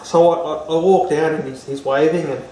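A man's voice: a little high, fairly even intonation, fairly quick, dark tone, slight background noise. A man, an interview guest, telling a personal story casually and rambling, with many fillers and restarts. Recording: roomy, distant mic, faint ambience.

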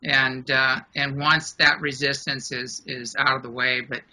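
A man's voice: mid-range voice, level tone, measured pace, sharp tone, rough recording. A man interviewed as a guest, talking casually and animatedly with many fillers and frequent laughs. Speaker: guest, ranch founder.

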